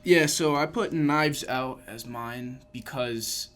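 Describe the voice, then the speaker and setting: A man co-hosts a podcast, chatting casually about films in long, rambling sentences packed with restarts. His mid-range voice is fairly bright in tone and he speaks slowly.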